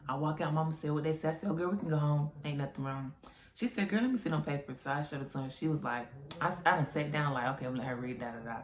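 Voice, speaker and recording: Young woman telling a story in a roomy echo. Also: low voice. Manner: animated retelling with quoted voices. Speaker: vlogger. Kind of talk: casual storytime.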